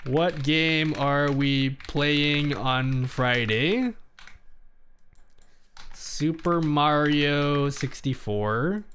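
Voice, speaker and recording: A young man chatting casually on a home live stream, his voice sitting a little high and swinging widely up and down. He reads viewers' messages aloud and answers them in a rambling way, often restarting his sentences. The sound is close and clean, from a desk microphone. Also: fairly bright tone, a little hiss or hum. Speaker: livestreamer.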